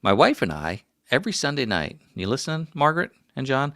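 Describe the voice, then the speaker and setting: A man's voice: mid-range voice, sing-song, a little fast, bright, forceful tone, no echo, clean studio sound. A middle-aged man hosting a casual livestream, rambling through stories with self-mocking jokes. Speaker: livestream host.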